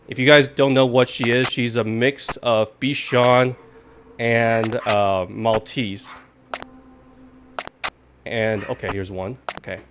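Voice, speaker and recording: A man's voice: medium pitch, fairly even intonation, takes it slowly, pauses often. Guy rambling thru a live game stream, mid voice, yelps when spooked, noisy background hiss. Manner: rambling, chatty, jumpy outbursts when startled. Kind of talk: casual live gaming commentary.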